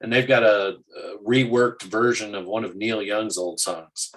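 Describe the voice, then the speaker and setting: A man's voice: lowish voice, fairly even intonation, a little slow, fairly bright tone, rough recording. A man co-hosting a casual market show, rambling with many restarts and fillers. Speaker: co-host.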